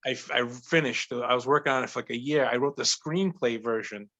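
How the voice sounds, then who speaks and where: A man in his forties from Providence, a guest telling stories in an eager, animated casual chat. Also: medium pitch, brisk, dull audio. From Providence, Rhode Island. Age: 40s. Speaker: guest actor and writer.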